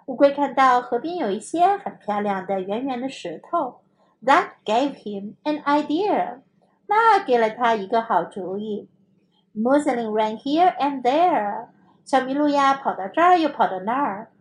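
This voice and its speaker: Expressive woman reading a children's story. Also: sits high, a little slow, a little hiss or hum. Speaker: English teacher.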